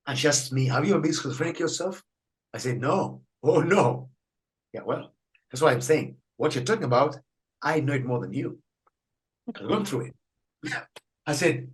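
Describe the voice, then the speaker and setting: A priest telling a story in an interview, acting out the people in it and laughing often. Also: male voice, on the high side, rough recording. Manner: animated storyteller, acts out dialogue, laughs often. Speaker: Catholic priest guest.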